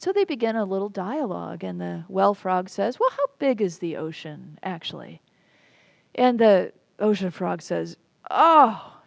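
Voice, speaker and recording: A woman pastor delivers a reflective, inviting sermon at an unhurried pace. Her mid-range voice carries a gravelly fry, and it is recorded close and dry with almost no room sound. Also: mid-range voice, a little mellow, no room sound.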